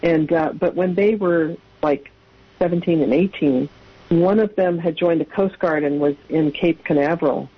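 A woman's voice: fairly low pitch, normal speed, husky, no echo. A woman in her sixties, a guest, chatting and laughing as she tells long rambling family stories. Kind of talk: casual anecdotal storytelling. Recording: dull lo-fi radio audio.

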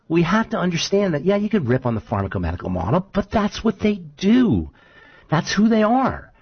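A man hosting a talk radio show, chatting casually and telling stories in an animated, argumentative way. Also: mid-range voice, brisk, husky, no echo, lo-fi sound. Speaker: show host.

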